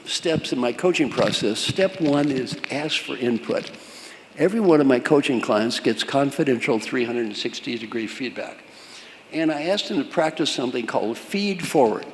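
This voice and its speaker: A man's voice: medium pitch, expressive, moderate pace. Older man coaching a hall crowd. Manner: punchy, repetitive instructions with rhetorical questions to the crowd. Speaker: leadership coach. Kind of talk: keynote talk to a live audience. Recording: long hall reverb, faint room noise.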